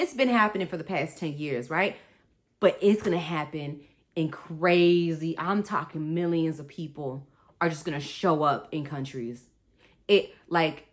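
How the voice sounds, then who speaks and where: Chatty woman hosting a spiritual talk. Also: lowish voice. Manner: chatty, rambling, laughs often, goes on tangents; addresses listeners as y'all. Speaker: spiritual wellness podcast host.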